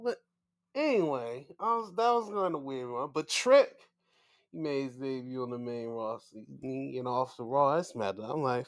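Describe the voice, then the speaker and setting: A man in a mid-range voice talks through a wrestling recap in loose, casual chat. He gets excitable and curses freely. He often slips into acting out how he reacted. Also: medium pitch, moderate pace. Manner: excitable, profane, mimics his own reactions. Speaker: podcast host.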